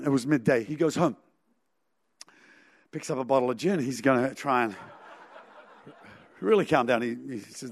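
A man's voice: medium pitch, animated, a little slow, pauses often, dry recording. A man preaching a sermon, telling a story animatedly with sound effects and chuckles.

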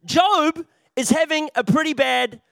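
A man's voice: very high voice, unhurried, vocal fry, fairly bright tone, no echo, studio quality. A male preacher giving a playful youth sermon, chatty and jokey, often restarting his phrases.

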